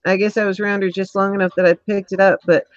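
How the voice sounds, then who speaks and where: A woman hosting a casual video-call interview, chatty with frequent ums, recovering from being sick and clearing her throat. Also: medium pitch, little pitch movement, quick pace, dry recording. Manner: chatty, warm-toned with filler ums. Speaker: interview host. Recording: dull lo-fi call audio.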